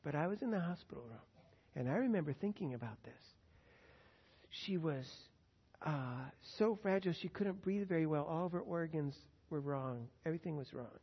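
An older man, a grandfather, preaching an earnest sermon that rises to loud emphasis on key words. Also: fairly high pitch, lively intonation, moderate pace, slightly rough. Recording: dull long-reverb hall sound.

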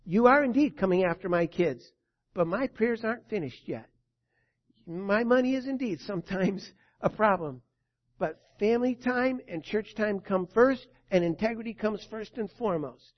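A man preaching a sermon and reading scripture, swinging between loud proclamation and quiet asides. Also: high voice, lively intonation, moderate pace. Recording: dull lo-fi recording.

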